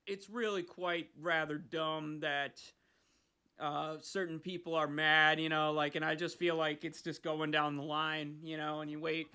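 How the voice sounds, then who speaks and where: A man's voice: on the high side, measured pace, smooth. A young man hosting a podcast, rambling and swearing in casual chat. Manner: rambling, profane, animated. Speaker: podcast host.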